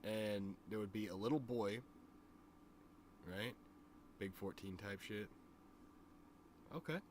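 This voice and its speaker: Speaking slowly in a lowish voice with background noise, a man who streams and makes music tells his chat a rambling tale. It's casual and profane, full of "you know what I mean."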